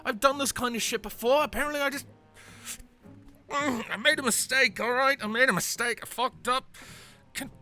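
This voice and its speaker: Guy doing a freaked out shroomed-up traveler, voice way up high and cracking, bright and sharp. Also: normal speed, long pauses, soft background music, heavily acted. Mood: defensive. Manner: frantic, shrill and near tears. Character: panicked young man, sobered after bad mushrooms.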